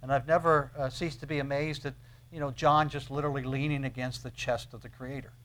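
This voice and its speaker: A man preaching a sermon on scripture, emphatic, slowing to stress phrases, repeating key words and dropping suddenly to a low, soft voice. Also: steady tone.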